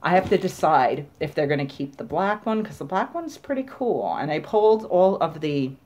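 A woman's voice: deep voice, expressive, moderate pace, darkish tone. A woman vlogger chatting casually at home as she unboxes a parcel of gifts, gushing and repeating herself. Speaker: craft vlogger.

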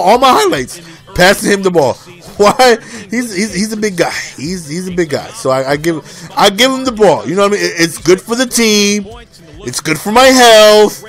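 High-voiced, joking game commentator man. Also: a bit bright. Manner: playful, boastful, joking; repeats phrases, frequent "you know what I'm saying". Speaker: gameplay commentator. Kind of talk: casual video game commentary.

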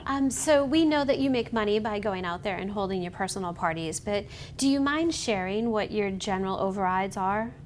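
A woman's voice: mid-range voice, a little hiss or hum. A woman hosting a panel over a video call, asking questions in an upbeat, encouraging way. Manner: upbeat, encouraging, quick reactions. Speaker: panel host, sales executive.

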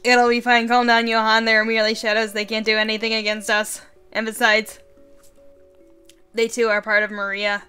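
Solemn remorseful wizard voiced by a woman, measured delivery, game dialogue, smooth tone. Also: a little high, monotone, pushed and bright, soft background music. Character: remorseful male wizard sealed in a box, solemn.

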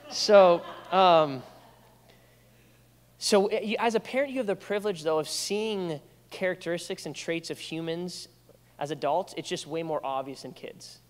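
Young male pastor, fairly high voice, chatty storytelling sermon, long church reverb. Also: normal speed. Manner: conversational storytelling with playful asides. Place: church sanctuary.

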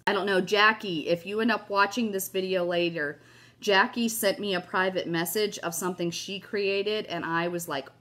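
Her fairly low, steady voice is a bit bright and moderately paced as she hosts a casual craft tutorial. She gushes and chats, has a cough, and keeps saying "you guys" and "oh my gosh."

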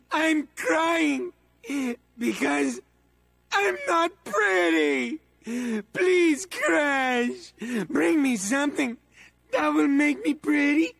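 An actor voicing a manic, melodramatic male mad-scientist henchman in a video game, with a raspy, theatrical delivery that swings between wheedling and raging. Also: expressive, very slow, fairly bright tone, full character voice. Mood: whiny. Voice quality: raspy, high-strung, theatrical. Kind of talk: video game character voice acting.

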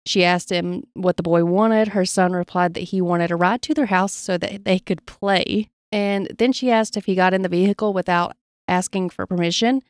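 A woman's voice: fairly low pitch, normal speed, dry recording, studio quality. A woman podcast co-host reading paranormal stories from her notes in a casual chat, laughing easily and playing along with jokes.

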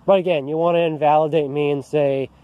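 A man's voice: fairly high pitch, steady tone, a little fast, no echo, phone-quality sound. Frustrated man ranting outdoors. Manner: agitated, frustrated, restarts often. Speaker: vlogger. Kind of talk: angry personal rant to camera. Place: empty park, outdoors.

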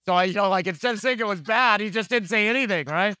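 A man's voice: high-pitched, quick pace, bright, forceful tone, no room sound, clean studio sound. A man preaching a conversational sermon, telling candid, jokey stories and acting out the dialogue. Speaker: pastor.

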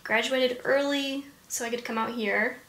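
A woman's voice: fairly high pitch, steady tone, moderate pace, a bit bright. A young woman from Georgia, a guest actress chatting in an interview, giggly and poking fun at herself. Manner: giggly, self-mocking storyteller. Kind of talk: casual interview chat. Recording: roomy, echoey room.

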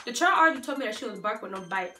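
A young woman vlogger telling a storytime tale in an animated, slangy way, talking straight to her viewers. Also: on the high side, rapid-fire, reverberant, soft background music. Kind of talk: storytime vlog.

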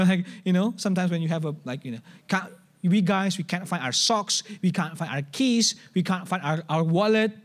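This high-voiced pastor has an Indonesian accent and preaches at a church service. His style is animated and conversational, with frequent restarts and acted-out examples.

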